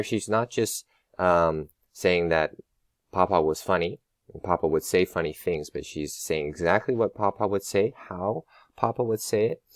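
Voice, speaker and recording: A male teacher walking students through their work in a patient, explanatory way, with many pauses and rhetorical questions to the class. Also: low voice, dry recording. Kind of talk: recorded lesson walkthrough.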